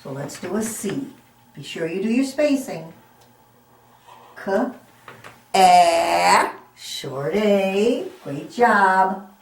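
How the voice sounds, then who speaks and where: A woman teaching young children to read, sounding out letters slowly and patiently with encouraging praise. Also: medium pitch, lively intonation, echoey room, slight background noise. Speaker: reading teacher. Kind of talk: phonics lesson for young children.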